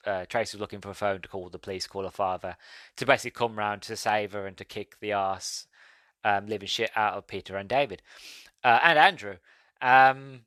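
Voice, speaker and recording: A man's voice: mid-range voice, pushed and bright, dry recording. A young man hosting a podcast, chatting casually as he reviews a film, rambling and correcting himself as he goes. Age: young adult. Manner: rambling, self-correcting, laughs as he recounts scenes.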